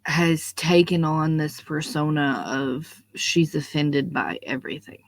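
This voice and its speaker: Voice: medium pitch, fairly even intonation, slow, vocal fry. Blunt, profane young adult ranting. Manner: blunt, profane, emphatic, repeats words when stressing a point. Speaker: monologue speaker. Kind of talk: unscripted ranting monologue.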